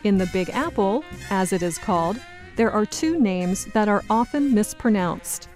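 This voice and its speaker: A woman presenting a scripted educational program, in a clear, measured, teacherly way. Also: medium pitch, animated, a little mellow, faint music behind.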